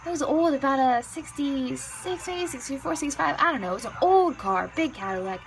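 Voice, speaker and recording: A woman voices a signed story into spoken English, her voice pitched high and her delivery casual. She fills her lines with repeated "yeah"s, and faint music plays behind her. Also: animated, a little fast, vocal fry, low-quality recording. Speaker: ASL interpreter.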